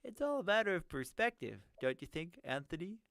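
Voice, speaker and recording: Man reading as a condescending nerdy monster collector; high, loud, gravelly edges. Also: very animated, a little fast, no echo, heavily acted. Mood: smug. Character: smug nerdy male captor who collects monsters. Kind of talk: audiobook character reading.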